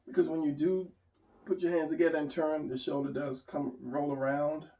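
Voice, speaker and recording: Gravelly man teaching drawing, roomy sound. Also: fairly high pitch, level tone, normal speed, warm tone. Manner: rambling, restarts while drawing. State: hiccuping. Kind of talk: casual drawing lesson, thinking aloud. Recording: roomy, mic at a distance.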